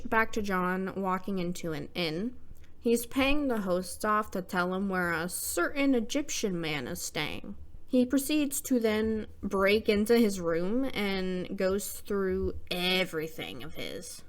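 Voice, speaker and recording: A young woman hosting a scripted horror movie recap, irreverent and slangy, dropping muttered asides. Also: medium pitch.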